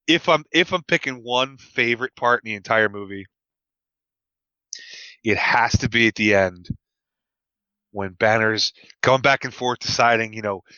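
A man in casual chat about a film, talking in a measured way with a few stammered restarts. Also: fairly low pitch, bright, forceful tone, smooth, dry recording. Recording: dull lo-fi dry recording.

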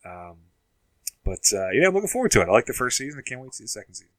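A man's voice: medium pitch, sing-song, racing, fairly bright tone, no echo, low-quality recording. A man co-hosting a casual podcast chat about TV shows, rambling with lots of fillers and asides. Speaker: podcast co-host.

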